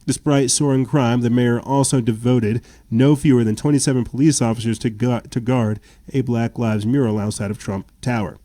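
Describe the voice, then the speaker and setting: A man's voice: medium pitch, fairly even intonation, normal speed, hardly any pauses, warm tone, no echo. A man hosting a political commentary podcast, reading news reports aloud and adding sarcastic, indignant remarks with stammered restarts. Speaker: podcast host.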